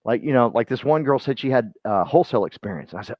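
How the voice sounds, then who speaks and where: A medium-pitched, expressive man rattles along fast with hardly any pauses, a team leader giving his real estate agents a folksy, wandering pep talk and calling on them by name. No echo; the recording sounds dull, dry and lo-fi.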